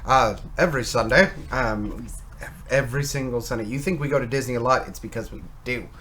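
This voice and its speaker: A man's voice: mid-range voice, a little fast, bright, forceful tone. A man co-hosting a podcast in casual chat, jokey and playful, with frequent fillers. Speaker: podcast co-host. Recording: faint background noise.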